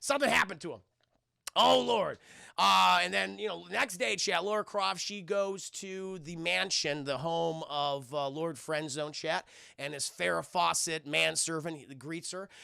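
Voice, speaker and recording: A man streaming a casual film review, animated and profane, constantly talking to his chat. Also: fairly high pitch, normal speed, vocal fry, clean tone, no room sound, studio quality.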